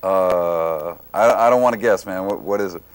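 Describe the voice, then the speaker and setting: A man's voice: low-pitched, normal speed, clear, resonant tone, no echo. A laid-back man from Detroit, a band musician, talking casually in an interview and searching for his words. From Detroit, USA.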